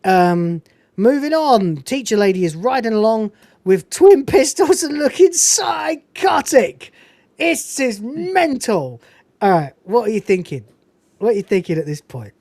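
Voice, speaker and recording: A woman's voice: mid-range voice, normal speed, no room sound. A woman hosting a podcast, giving a casual, swearing-filled, digressive recap of a film scene. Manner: animated, profane, digressive. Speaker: podcast host.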